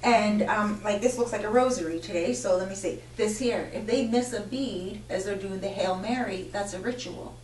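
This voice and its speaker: A woman's voice: medium pitch, normal speed, hardly any pauses. A woman life coach giving an informal spiritual talk to a live audience, telling stories animatedly and often correcting herself. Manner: animated storyteller, frequent self-corrections. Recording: echoey room, voice from far off, faint hum.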